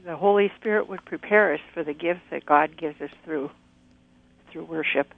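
A woman calling in to a radio show, offering a short comment in a soft, tentative way. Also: low-pitched, normal speed, creaky, no room sound. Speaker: caller. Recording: tinny phone line.

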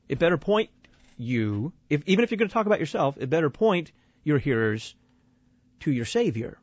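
A man's voice: on the high side, sing-song, fairly quick, no echo, dull audio. A man from Texas hosting a talk show and critiquing sermons. He speaks bluntly and wryly, often repeating words as he starts a point. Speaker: radio show host.

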